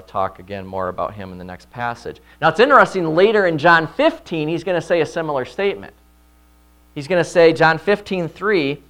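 A man preaching an expository sermon, often checking in with listeners with "right?" and loudly voicing quoted lines. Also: mid-range voice. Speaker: pastor.

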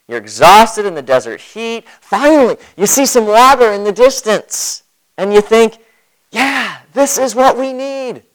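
A man preaching a sermon as pastor, expressive, swinging between loud emphasis and quiet asides, with many rhetorical questions. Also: medium pitch, poor audio.

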